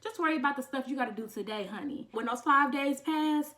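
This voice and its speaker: A young woman vlogging, talking casually and sassily to her viewers, calling them honey and getting excited almost to tears. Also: high voice, fairly quick. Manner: sassy and chatty, says honey a lot; emotional, close to tears with excitement. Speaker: beauty vlogger. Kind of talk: casual chat to camera.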